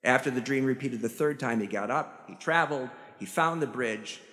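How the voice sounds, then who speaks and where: A priest with a Chicago accent preaching a sermon, telling stories with self-deprecating humor. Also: male voice, medium pitch, normal speed, fairly bright tone. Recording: church hall reverb.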